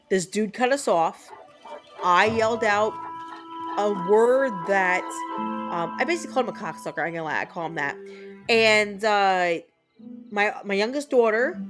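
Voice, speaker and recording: A woman in her thirties talking casually to her stream chat while she plays a game. She tells stories bluntly and chattily, with plenty of fillers and the occasional curse. Her voice sits at an ordinary pitch for a woman, with soft game music playing faintly behind her. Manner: blunt, chatty storytelling with frequent fillers and cursing.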